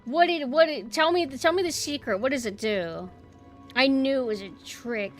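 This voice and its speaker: A woman streaming a game and chatting casually with her viewers, swinging between quiet murmurs and loud exclamations. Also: high voice, moderate pace, faint music behind. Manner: chatty, talks to chat directly. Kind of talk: casual gameplay livestream chat.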